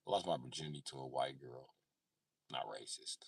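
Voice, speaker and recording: A man's voice: a bass voice, fairly quick, gravelly, slightly rough, no echo, far from the mic. A man in his thirties hosting a live stream, rambling casually and profanely and answering his chat. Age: 30s. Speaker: livestream host.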